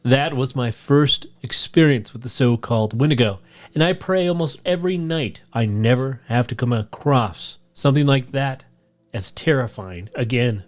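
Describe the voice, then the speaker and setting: A man co-hosting a podcast, reading a listener's spooky story aloud in a steady storytelling voice. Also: mid-range voice, normal speed. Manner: steady storytelling read, shouts out the quoted lines. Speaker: podcast co-host.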